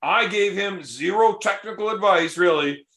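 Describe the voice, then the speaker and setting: A man's voice: high-pitched, moderate pace, fairly bright tone, roomy sound. A man hosting a casual podcast chat, telling coaching stories in a profane, emphatic way. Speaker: podcast host and arm wrestling coach.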